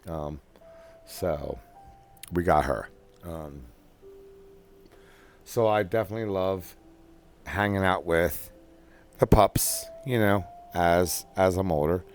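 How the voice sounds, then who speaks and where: Deep-voiced man, slow and rambling, easygoing monologue, with the hiccups. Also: a little hiss or hum. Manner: rambling with many ums and restarts. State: has the hiccups. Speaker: podcast host. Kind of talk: casual personal monologue.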